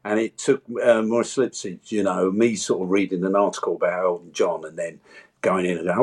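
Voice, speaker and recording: A man's voice: deep voice, moderate pace. A man, an actor chatting as an interview guest and acting out quotes as he tells stories. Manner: animated storyteller, acts out voices and quotes. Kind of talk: casual interview chat.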